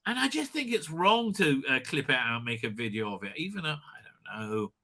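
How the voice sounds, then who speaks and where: A man's voice: on the high side, big pitch swings, fairly quick, pushed and bright. A man hosting a casual live stream from home, reading out viewer comments, rambling and stammering and laughing often.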